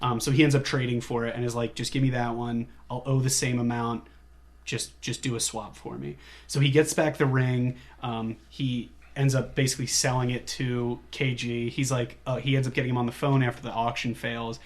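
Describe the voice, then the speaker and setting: Male podcast co-host, casual chat, animated scene recaps with quick character impressions. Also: mid-range voice.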